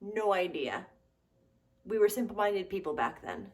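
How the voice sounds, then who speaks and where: A woman in her thirties giving sarcastic, comedic commentary on nostalgic trends, swearing and throwing in animated asides. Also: medium pitch, measured pace. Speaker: comedy vlogger.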